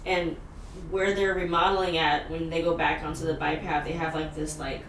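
A woman hosting a casual chat, telling a story in an animated way, full of fillers and laughter. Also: low voice, moderate pace, a little hiss or hum. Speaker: podcast host. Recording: echoey room, mic at a distance.

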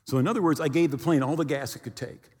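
A male pastor preaching a sermon as an animated storyteller, acting out sounds and dialogue from his story. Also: a little high, fast, husky, big-room sound.

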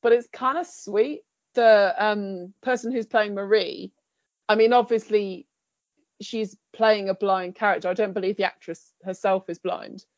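A woman's voice: medium pitch, steady tone, unhurried, a little mellow, dry recording, dull audio. A woman giving a wry, jokey take on TV shows as a podcast panelist. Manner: wry, jokey, laughs between remarks. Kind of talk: casual review chat.

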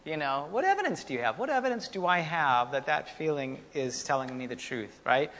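A man with a high voice preaches in a relaxed, conversational way and drops in folksy asides to his congregation. His voice rings out with a long reverb, as if in a church hall. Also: fairly quick. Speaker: pastor. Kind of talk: sermon.

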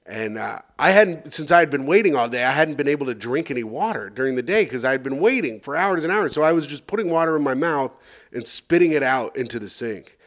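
A man co-hosting a comedy podcast speaks fast in a medium-pitched, animated, fairly bright voice. He spins a long, rambling, crude anecdote, acting out the voices of the people in it.

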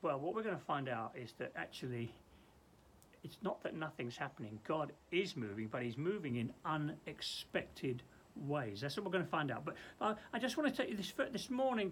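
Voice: mid-range voice, animated, normal speed, a little hiss or hum. A church leader giving an earnest daily Bible devotional and prayer, emphatic, with frequent stammered restarts.

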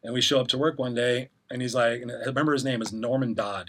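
A man's voice: mid-range voice, fairly even intonation, quick pace, a bit bright, slight background noise. A middle-aged man telling a rambling personal story as an interview guest, acting out the voices of people he quotes.

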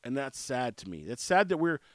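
A man's voice: mid-range voice, sing-song, brisk, no room sound, clean studio sound. A man with stuffy sinuses who owns a barbecue restaurant, telling stories in a casual monologue and acting out both sides of conversations. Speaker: barbecue restaurant and brewery owner.

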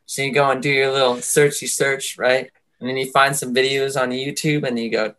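A man of middle pitch talking in a loose, joking, conversational way. He spins a comic story and slips into little character voices for the people in it. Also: steady tone, normal speed, a bit bright. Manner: joking, acts out quoted voices. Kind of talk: casual chat, comic storytelling.

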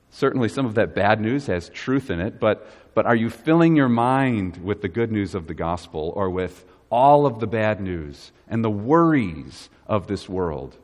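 A man's voice: lowish voice, darkish tone. Man preaching in a reverberant church. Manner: earnest preaching with repeated questions to the congregation. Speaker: pastor. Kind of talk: sermon.

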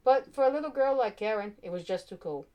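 A woman's voice: on the high side, a little fast, muffled recording. Woman reading a storybook aloud. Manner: expressive, animated narration.

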